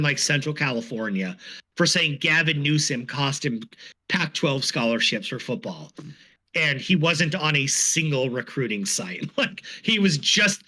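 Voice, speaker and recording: A man on a casual sports podcast who wanders through anecdotes and drops wry asides along the way. His voice is fairly high and bright, with a lively, bouncing pitch. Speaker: podcast co-host.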